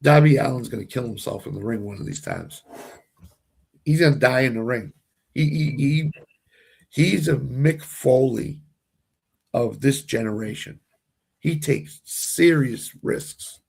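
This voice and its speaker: A man's voice: medium pitch, measured pace, creaky, pauses often, breathy edge. A man with a Boston accent, co-hosting a casual sports watch-along, opinionated and often restarting his sentences. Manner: opinionated, repeats and restarts phrases. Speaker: co-host.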